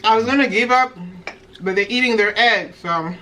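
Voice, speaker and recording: A woman's voice: on the high side, normal speed, pushed and bright, far from the mic, a little hiss or hum. A woman, the mother and host, chatting casually and teasingly at a family eating challenge at home, talking to her viewers. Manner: teasing, laughing, addresses viewers. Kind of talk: casual family mukbang chat.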